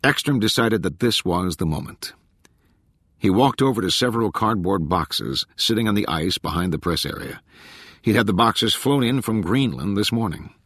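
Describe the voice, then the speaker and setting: Low, husky male audiobook narrator. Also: no echo, studio quality. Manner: even, measured reading. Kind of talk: scripted narration.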